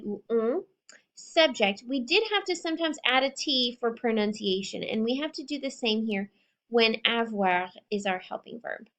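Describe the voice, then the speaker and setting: A woman teaching a French grammar lesson, speaking clearly and carefully and repeating each example sentence slowly. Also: high-pitched. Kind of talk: recorded classroom lesson.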